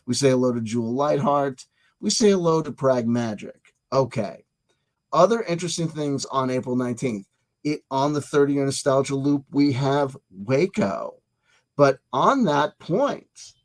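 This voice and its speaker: This channel host's voice is medium-pitched and darkish. He rambles through history and dates with digressions and jokes, talking back to himself while stumbling and repeating himself.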